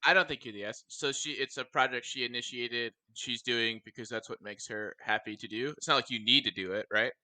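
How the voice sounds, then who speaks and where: A man's voice: mid-range voice, a little fast, few pauses, pushed and bright, dry recording. A young man co-hosting a podcast, wisecracking and bluntly ribbing his friends in casual chat. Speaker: podcast co-host.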